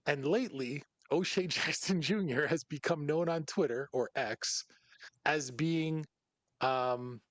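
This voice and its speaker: A man hosting a podcast in casual chat, telling stories in an animated way. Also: a little high, slow pace, no echo. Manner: animated storyteller who acts out other people's lines. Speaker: podcast host.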